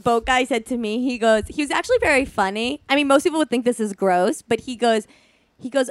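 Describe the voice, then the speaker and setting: A woman co-hosting a podcast, telling stories in casual chat, animated and full of "like"s. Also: a little high, a little fast, no echo. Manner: animated, many "like"s, laughing while telling stories. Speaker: podcast co-host.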